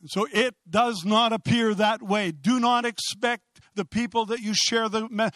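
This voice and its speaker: A man preaches with fiery conviction, his voice sitting unusually high. He swells to loud exclamations and then pulls back. The sound is dry and close, with no room around it. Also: steady tone, measured pace, few pauses, no room sound. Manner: impassioned, rising to loud exclamations. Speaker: pastor. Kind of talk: sermon.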